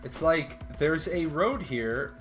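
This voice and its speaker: A man's voice: fairly high pitch, lively intonation, slow pace, fairly bright tone. Man from the US, game streamer, casual rambling commentary, swears a lot, laughs often, game music behind. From United States. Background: game music and keyboard typing.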